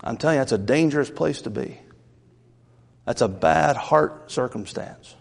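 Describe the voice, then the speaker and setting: In a church sanctuary with long, hall-like reverb, a pastor preaches with an animated, creaky, mid-range voice at normal speed. His folksy, conversational sermon includes questions put to the congregation.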